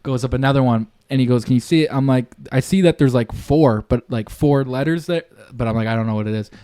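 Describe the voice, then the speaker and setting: A man's voice: mid-range voice, fast talker, mellow, clear, resonant tone. A young man on a podcast, telling a rambling story in casual chat, full of slang and swearing. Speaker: podcast co-host.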